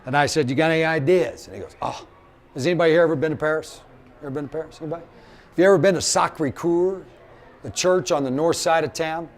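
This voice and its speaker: A middle-aged man from Missouri, USA, gives a live motivational talk, telling stories animatedly, acting out quotes and speaking directly to the audience. His voice is on the high side and fast.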